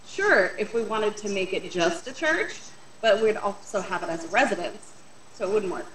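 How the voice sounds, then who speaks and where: A woman's voice: mid-range voice, lively intonation, normal speed, fairly bright tone, distant mic, a little hiss or hum. A woman co-hosting a casual chat, practical and listing things off. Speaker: co-host. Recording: roomy, a bit off-mic.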